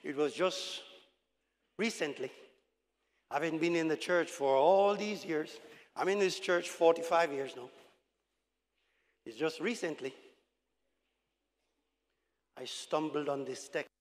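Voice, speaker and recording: An older man preaching an evangelistic sermon in a large church, calling to the congregation and swinging from shouts to quiet talk. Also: fairly high pitch, takes it slowly, pauses often. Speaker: pastor. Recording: long hall reverb.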